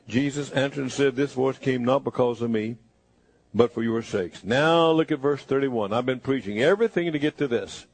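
A man preaching a sermon, speaking in first person as Jesus and moving between hushed, slow lines and emphatic bursts. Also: medium pitch, slightly rough, dry recording.

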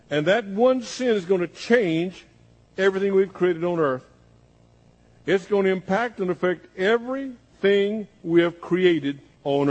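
A male preacher with a high, husky voice delivers a dramatic sermon. He stacks long repeated phrases and lists, letting them build. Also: darkish tone, low-quality recording.

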